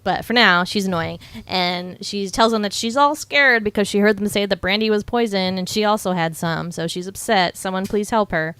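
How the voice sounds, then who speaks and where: A woman's voice: medium pitch, a bit bright, clean tone, no room sound. Chatty woman podcaster, dry close sound. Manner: chatty storyteller, acts out lines in quick put-on voices. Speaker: podcast co-host. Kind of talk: casual chat recapping a film.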